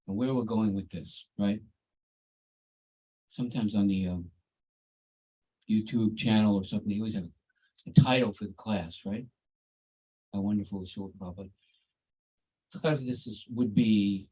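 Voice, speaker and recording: A man's voice: fairly low pitch, animated, moderate pace, long pauses, slightly rough, lo-fi sound. A man giving a devotional talk over a video call, telling stories in a conversational way with folksy asides. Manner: conversational, folksy asides like "you know" and "cool, eh".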